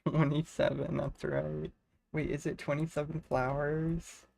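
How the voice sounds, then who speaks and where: Gravelly, excitable woman streamer. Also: sits low, unhurried. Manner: excitable, swears and gushes freely. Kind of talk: live game stream chat.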